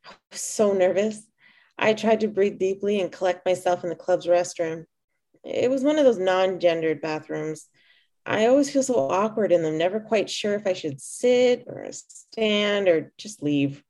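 A woman author and poet reading her own fiction aloud in a measured, expressive way. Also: medium pitch.

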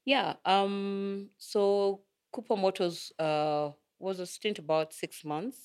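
A woman's voice: medium pitch, steady tone, takes it slowly, a little mellow, clean tone. Middle-aged woman from Kenya, interview guest, chatty, acts out quotes, laughs easily. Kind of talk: casual interview storytelling.

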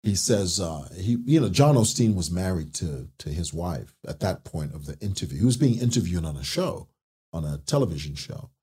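This man has a husky, rough-edged voice and a light Zambian accent. His pitch swings widely as he chats and tells stories, laughing easily along the way. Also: moderate pace. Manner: animated storyteller, laughs easily. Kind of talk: casual chat.

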